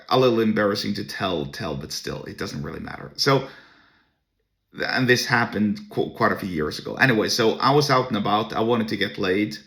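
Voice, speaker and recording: A man's voice: fairly low pitch, gravelly, a bit bright. A man hosting a podcast, telling a personal story to camera in a blunt, crude and scornful way. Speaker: podcast host.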